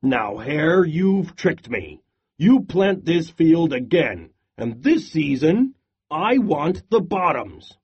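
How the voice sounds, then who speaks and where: A big, sleepy male bear from a storybook, slow-witted and grumbling. A man plays him with a lower, drowsy delivery, slow and slightly husky. The recording has a dull, lo-fi sound. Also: sing-song, exaggerated voice. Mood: complaining. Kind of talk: storybook read-aloud.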